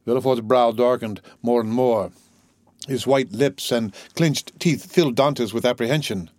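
A man narrating an audiobook with a steady, even reading. His voice sits in a middle range for a man. The sound is close and dry, with no room around it. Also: mid-range voice, moderate pace, dry recording. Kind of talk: scripted narration.

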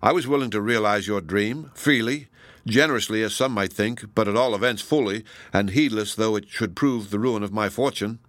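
A man's voice: on the low side, fairly bright tone, no echo, close to an everyday voice. Zenobia, proud ironic woman, read by a man. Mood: probing. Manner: measured, ironic and probing. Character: proud, passionate wealthy woman. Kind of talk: audiobook reading.

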